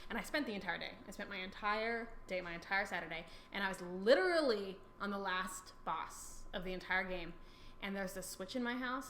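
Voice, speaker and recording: Fast, bright-voiced woman telling stories. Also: medium pitch, slight background noise. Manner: animated storytelling, self-mocking, laughs often. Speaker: podcast co-host. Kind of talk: casual chat. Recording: echoey room.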